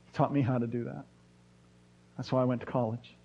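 A man's voice: medium pitch, flat delivery, brisk, gravelly, mellow, slightly rough. A middle-aged man, preaching a sermon and telling stories with rising bursts of emphasis. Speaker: pastor. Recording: dull lo-fi sound.

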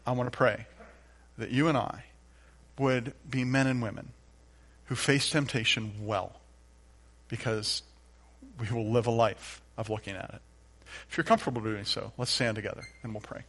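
A man preaching a sermon, acting out a doubting believer's complaints and then answering softly with calls to trust God. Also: mid-range voice, steady tone, normal speed, long pauses. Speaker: pastor.

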